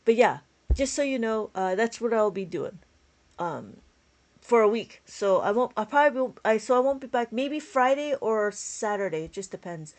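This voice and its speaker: A tired woman with a school-age child, teaching an abacus math lesson on a live stream, chatty and laughing often as she counts steps aloud. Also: a little high. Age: adult with a school-age child. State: tired, yawning.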